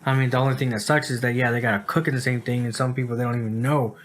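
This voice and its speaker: A man's voice: mid-range voice, fairly even intonation, rapid-fire. A tired man from the United States, a podcast co-host chatting casually, rambling with lots of fillers. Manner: rambling, filler-heavy, says "like" and "dude" a lot. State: tired, yawning. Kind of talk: casual chat.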